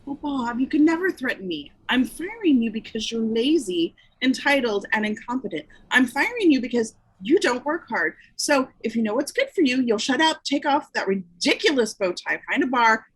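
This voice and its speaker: A woman reading the part of a cold, cutting female publishing chief in a play reading, speaking with clipped, icy calm. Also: fairly high pitch, breathy edge, rough recording. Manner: clipped, icily calm authority.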